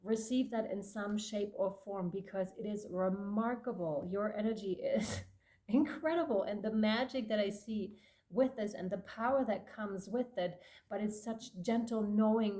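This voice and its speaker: A woman giving a tarot reading to her viewers, effusive and emotional, laughing often and addressing listeners warmly. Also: mid-range voice. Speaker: tarot reader.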